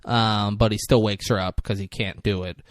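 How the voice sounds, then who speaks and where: A man's voice: fairly low pitch, moderate pace, dry recording, studio quality. A man co-hosting a podcast, recapping a movie in casual chat and acting out the characters' lines. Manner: animated, acts out lines in put-on voices. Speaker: podcast co-host. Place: podcast studio.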